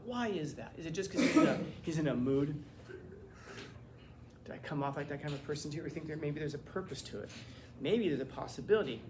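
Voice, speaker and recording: A male teacher giving a classroom philosophy lecture, animated and conversational, firing off rhetorical questions to his students. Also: medium pitch, noisy background.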